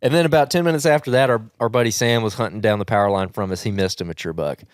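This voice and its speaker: A man with a Southern US accent hosting a podcast, telling a hunting story in rambling, animated casual chat with frequent laughs. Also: on the low side, fast, clean tone, no echo, clean studio sound. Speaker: podcast host.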